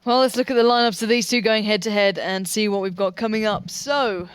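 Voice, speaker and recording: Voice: mid-range voice, steady tone, brisk, smooth, no room sound. An esports host welcoming viewers back and bringing in the co-caster, with an upbeat, teasing patter. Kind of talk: esports match hosting.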